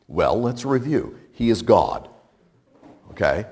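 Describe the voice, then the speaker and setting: A man's voice: low-pitched, sing-song, unhurried, long pauses, darkish tone. An older man preaching a radio sermon, emphatic and playful, firing off rhetorical questions. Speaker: pastor.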